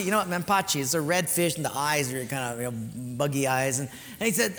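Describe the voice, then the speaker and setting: A man's voice: a little high, expressive, moderate pace, pushed and bright. A man preaching a sermon as a pastor, telling a story animatedly and acting out the dialogue. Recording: reverberant hall, faint ambience.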